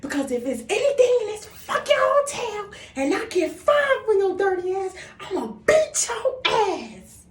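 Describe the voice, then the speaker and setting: A woman doing a shrill, furious scolding mother. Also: big pitch swings, unhurried, hardly any pauses, recorded from a distance, full character voice. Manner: yelling, cursing, shrill. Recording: roomy, set back from mic.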